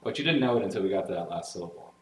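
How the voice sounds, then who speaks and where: A man's voice: sits low, racing, slight background noise. Enthusiastic male music teacher in echoey room. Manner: explains step by step with solfege and frequent "right?" checks; energetic and enthusiastic about the music. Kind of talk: classroom analysis lecture. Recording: roomy echo with clear piano. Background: piano playing.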